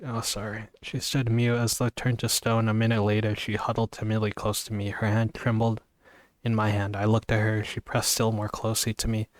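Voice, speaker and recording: An amateur reader with a fairly low, monotone voice reads a novel aloud at a moderate pace, casual and sleepy, yawning, stumbling over words and apologizing. The recording is dry, with clean studio sound.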